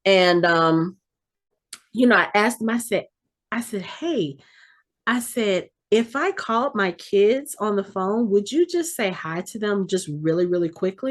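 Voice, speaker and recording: A middle-aged woman, co-hosting a podcast and telling a long casual story in a chatty, animated way, often restarting and correcting herself. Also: mid-range voice, a little slow. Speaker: podcast co-host.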